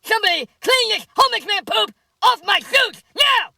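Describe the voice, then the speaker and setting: A woman doing a comedy sketch impression of a fussy, outraged wealthy politician, whining and yelling. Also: very high voice, lively intonation, moderate pace, vocal fry, dry recording, distant mic, full character voice. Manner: shouting, whiny and indignant.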